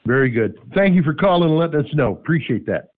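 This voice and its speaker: A man's voice: fairly high pitch, fast, narrow, tinny audio. A man hosting a call-in radio show, joking with callers and asking pointed questions. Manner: lively, joking, asks probing questions.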